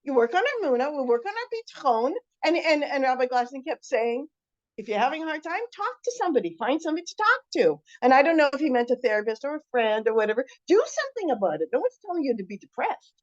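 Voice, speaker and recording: A middle-aged woman teaching an informal class, chatty and animated, rambling with many restarts. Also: high voice, quick pace. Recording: muffled lo-fi recording.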